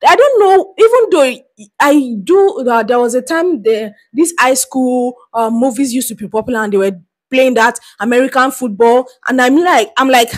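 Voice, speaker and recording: A woman's voice: high voice, lively intonation, normal speed. A Nigerian woman hosting her own channel, chatting casually with frequent restarts and giggles. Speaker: reaction vlogger. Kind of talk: casual reaction commentary.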